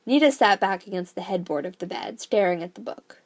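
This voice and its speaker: A woman reading a novel aloud, breaking off into excited, swearing asides. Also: medium pitch, brisk, hardly any pauses. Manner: excited, profane, rambling outbursts in commentary. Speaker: reader.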